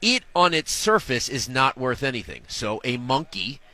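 A sports business reporter, interviewed as a guest in a radio row booth at a live event, tells stories with jokes in a medium-pitched, bright, forceful voice with no echo. He's very animated and quick, acting out what others said, including his wife.

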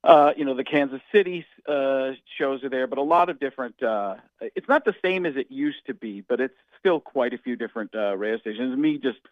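A man being interviewed as a comedian guest, talking in an animated, jokey way that slides into impressions. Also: mid-range voice, a little fast, hardly any pauses, no echo, phone-quality sound. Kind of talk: casual radio interview.

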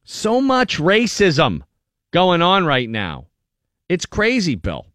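A man's voice: high-pitched, takes it slowly, no echo, clean studio sound. A man hosting a morning radio show, chatting casually in a wry, joking manner. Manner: animated, wry, breaks into mocking impressions. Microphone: studio microphone.

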